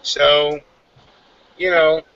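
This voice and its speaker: A man's voice: fairly high pitch, level tone, very slow, a bit bright, no room sound. A man in casual chat who talks in an easygoing way and laughs along. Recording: dull podcast audio with faint room noise.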